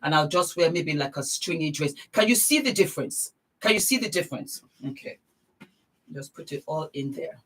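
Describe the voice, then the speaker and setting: A woman's voice: low voice, animated, moderate pace, fairly bright tone, poor audio. A middle-aged woman vlogging a casual beauty product demonstration, gushing and exuberant, repeating her words of praise.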